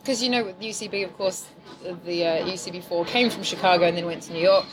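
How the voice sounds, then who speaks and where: A middle-aged woman from New Zealand with a mixed, softened accent, talking casually and laughing easily as an improv teacher on a podcast. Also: on the low side, fairly even intonation, quick pace, noisy background. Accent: New Zealand, softened by years in England. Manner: chatty, laughing, self-deprecating. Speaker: improv teacher and corporate trainer.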